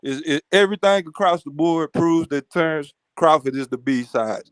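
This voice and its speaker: Smooth-voiced man, blunt debater. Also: on the high side, normal speed, no echo. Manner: blunt, profane, dismissive. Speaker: podcast debater. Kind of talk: heated casual debate.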